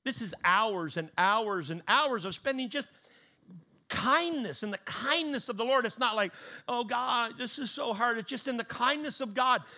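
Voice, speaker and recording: A male preacher delivering a fervent sermon, swinging between loud bursts and hushed asides. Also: extremely high pitch, expressive, normal speed.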